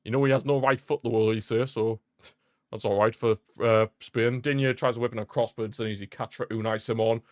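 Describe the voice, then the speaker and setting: A man giving casual live commentary on a football match as he watches along, chatty and prone to repeating himself with sudden excited bursts. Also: mid-range voice, a little fast, no room sound, clean studio sound.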